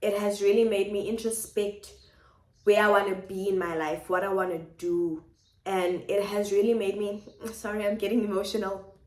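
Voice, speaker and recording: A woman's voice: medium pitch, steady tone, moderate pace, a little mellow. Reflective woman in echoey kitchen. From South Africa. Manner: reflective, speaks in repeated phrases. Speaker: vlogger. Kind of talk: personal vlog confiding to viewers. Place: home kitchen.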